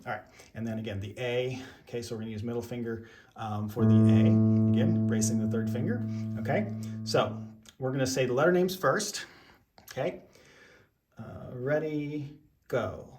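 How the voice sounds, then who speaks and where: A man's voice: medium pitch, normal speed, pauses often. A man giving an online piano lesson, explaining each step patiently with plenty of ums and okays. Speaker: piano teacher. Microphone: camera mic.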